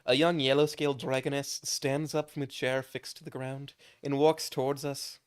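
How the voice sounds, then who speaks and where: A man's voice: mid-range voice, flat delivery, moderate pace, clear, resonant tone. A man reading a game's narration aloud in a casual way, sometimes stumbling over words and laughing. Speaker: streamer reading a visual novel aloud.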